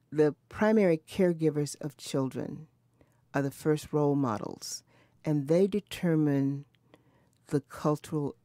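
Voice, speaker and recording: A woman's voice: deep voice, dark tone, no room sound, clean studio sound. A woman in her seventies, recalling her mother and grandmother in an earnest, reflective way, often restarting her sentences. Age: 70s. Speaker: interviewee. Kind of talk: recorded oral history conversation.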